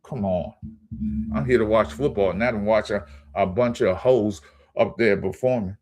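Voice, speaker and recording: A low-voiced man rants about sports on his own channel. He talks in a heated, profane way, stumbling and repeating words as his anger builds. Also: moderate pace, a little mellow, faint music behind. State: angry. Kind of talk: ranting sports commentary.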